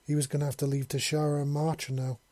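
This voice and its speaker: A man reading a dramatic story aloud as narrator, in a steady, low-key way. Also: fast talker, dry recording. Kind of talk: audiobook reading of a fan story.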